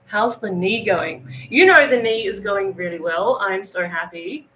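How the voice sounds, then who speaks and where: A woman's voice: mid-range voice, lively intonation, unhurried, a bit bright, slight background noise, low-quality recording. A woman with an Australian accent, chatting casually on a livestream, greeting viewers by name. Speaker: livestream host. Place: home in northern Thailand.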